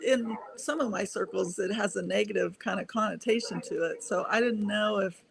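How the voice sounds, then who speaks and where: A woman's voice: medium pitch, normal speed, gravelly, slight background noise. An older woman, a guest speaker on a panel, chatting casually and laughing often.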